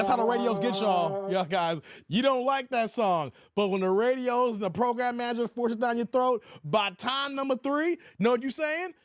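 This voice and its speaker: A man's voice: high-pitched, lively intonation, normal speed, dry recording, clean studio sound. A middle-aged man hosting a casual livestream, playful and laughing often as he reads out the chat and thanks donors. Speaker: livestream host.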